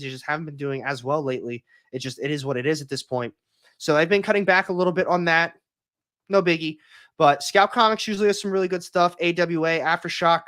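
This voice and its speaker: Young male livestream host, slightly high-pitched, rambling and opinionated, casual. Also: fairly bright tone, clean tone. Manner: rambling, opinionated, with frequent restarts. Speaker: comics YouTuber hosting a livestream.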